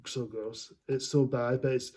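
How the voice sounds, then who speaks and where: A man's voice: mid-range voice, steady tone, measured pace, darkish tone, slightly rough. A man giving a casual movie review, rambling and enthusiastic and laughing often as he talks.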